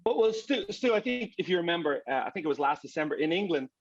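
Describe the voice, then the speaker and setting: Male soccer broadcaster, highish voice, lively with stop-start restarts, muffled dry feed. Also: quick pace, no room sound. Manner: animated, repeats words as he restarts. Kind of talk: casual panel discussion.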